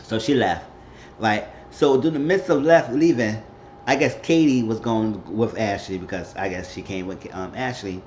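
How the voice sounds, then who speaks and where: A man's voice: on the low side, moderate pace, a little mellow. A man casually recapping a reality show, rambling and acting out what people said. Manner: rambling, acts out quotes. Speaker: recap vlogger. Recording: dull roomy home recording with faint hum.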